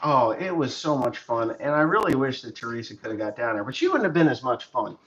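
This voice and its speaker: A man's voice: medium pitch, big pitch swings, a little fast, fairly bright tone. A middle-aged man from the United States, a farmer telling rambling, joking stories on his livestream. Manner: chatty, joking storyteller. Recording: dull lo-fi sound with faint noise.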